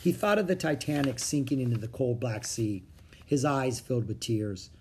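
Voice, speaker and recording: A reader narrating a children's chapter book aloud in a calm, steady storytelling manner. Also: mid-range voice, normal speed, slightly rough.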